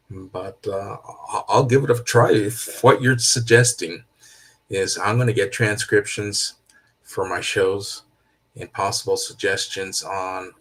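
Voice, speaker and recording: A man in a casual podcast chat, speaking haltingly as he thinks aloud. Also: fairly low pitch, fairly bright tone, husky.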